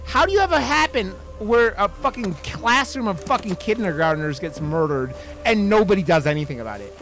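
Male streamer, high voice, furious swearing rant at chat, faint game music underneath. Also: sing-song, brisk, a bit bright. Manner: heavy swearing, restarts mid-sentence, addresses chat viewers. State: angry. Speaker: streamer playing a video game. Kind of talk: heated live-stream rant.

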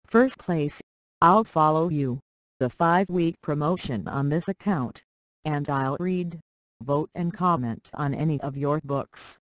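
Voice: mid-range voice, no echo. A reader going through story contest rules and prizes in a plain, list-like way. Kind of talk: reading a story contest announcement.

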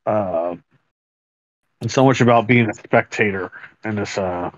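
A man co-hosting a casual chat about poetry, speaking thoughtfully and hesitantly with many pauses and ums. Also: lowish voice, no echo. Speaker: podcast co-host. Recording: dry, dull lo-fi sound.

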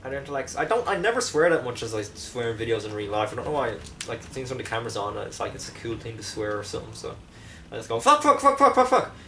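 A man's voice: mid-range voice, fast talker, creaky, a bit bright, distant mic, slight background noise. A man giving casual gameplay commentary, rambling and poking fun at himself as he plays. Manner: rambling, self-mocking, jokey asides. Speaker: let's play commentator.

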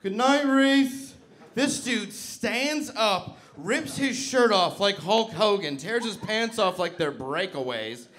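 A man doing stand-up comedy, telling an animated story that builds to frantic shouting. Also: sits high, slow, hardly any pauses.

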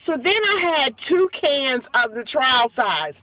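A woman's voice: extremely high pitch, expressive, unhurried, no echo. A woman ranting into a phone camera in a fired-up vlog, swearing often and stumbling over restarts. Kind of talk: angry vlog rant. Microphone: phone camera held close. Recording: lo-fi phone audio, vehicle noise.

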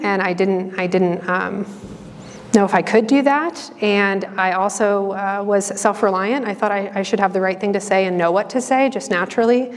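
A religious sister giving an earnest, conversational personal talk, full of fillers and restarts. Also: female voice, mid-range voice, long reverb tail. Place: campus ministry hall.

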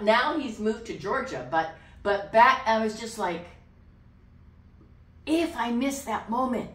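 A woman pastor telling a personal testimony in an interview, animated, dropping to a whisper when she quotes voices. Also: on the high side, slow pace, a little hiss or hum. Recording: echoey room, distant mic.

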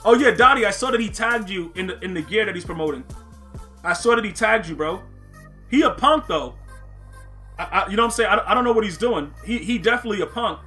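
A man streaming a football video game, excitable and trash-talking, shouting at plays and chatting with his viewers. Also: sits high, fast, faint music behind. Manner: chats with viewers while playing. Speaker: gaming streamer. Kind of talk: live gameplay commentary.

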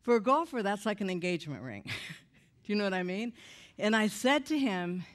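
A woman with an animated, humorous storytelling manner tells a personal testimony to a church audience. She moves through her story quickly and acts out the voices of the people in it. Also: mid-range voice. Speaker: speaker giving a personal testimony. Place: church event before an audience.

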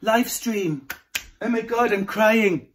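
A man's voice: high-pitched, takes it slowly, background noise. A man putting on a gushing, self-absorbed young woman. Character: gushing young woman filming herself for praise.

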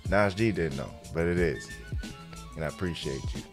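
Young male reaction host, deep, lively delivery, slangy and self-amused, music behind. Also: moderate pace. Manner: laid-back slangy talk, laughs at himself. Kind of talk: casual reaction commentary.

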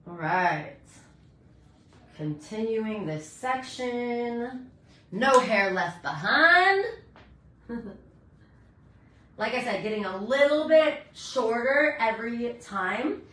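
A middle-aged woman hairstylist chatting brightly while she demonstrates hair toning in a salon, teaching as she works. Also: on the high side, lively intonation, takes it slowly, long pauses. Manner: bubbly, chatty, talks while working. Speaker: hairstylist educator. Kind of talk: live hair coloring tutorial. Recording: echoey room.

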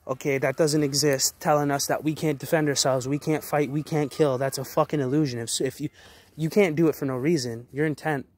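A man in his twenties delivers an angry, profane rant to his viewers, talking in hard, rapid-fire declarations. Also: on the high side, fairly even intonation. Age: 20s. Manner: aggressive, heavy swearing, rapid-fire declarations. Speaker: vlogger. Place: outdoors in a forest.

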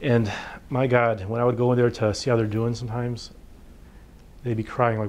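A man's voice: medium pitch, flat delivery, moderate pace, long pauses, darkish tone. A man, a physician, giving an informal workshop talk on addiction, conversational and full of fillers. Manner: conversational, full of fillers, acts out patients' words. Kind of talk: informal lecture.

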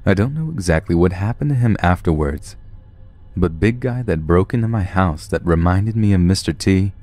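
A man narrating first-person stories aloud in a plain, steady storytelling manner. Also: sits low, normal speed, faint music behind.

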